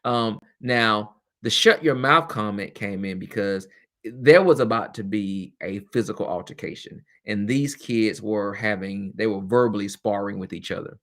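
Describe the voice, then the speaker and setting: A man's voice: on the low side, steady tone, normal speed. A man hosting a webcast as a former teacher, talking candidly and casually, with frequent laughs and chatty asides.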